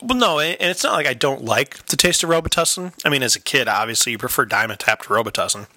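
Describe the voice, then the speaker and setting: A man's voice: mid-range voice, expressive, fast talker, sharp tone. A man co-hosting a podcast in casual chat, jokey and laughing a lot, slipping into silly accents. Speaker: podcast co-host.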